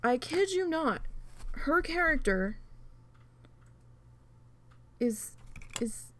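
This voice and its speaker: A woman hosts her own channel and tells a long story in a relaxed, chatty way. Her voice sits a little high. She is animated and swears constantly as she talks. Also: extremely slow, pauses often. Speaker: channel host. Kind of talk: casual storytelling while crafting.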